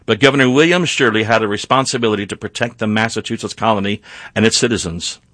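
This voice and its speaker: A man telling a history story in an earnest, measured way, with a few small slips and restarts. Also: fairly low pitch, a bit bright, no room sound. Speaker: narrator. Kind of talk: scripted history narration.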